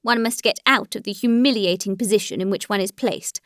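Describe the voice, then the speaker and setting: A cold and wounded aristocratic husband speaks in measured, formal phrases, read by a woman narrator. Beneath the stiffness there is bitterness. The recording is dry and close-miked. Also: mid-range voice, fairly bright tone, no room sound, natural voice. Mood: bitter.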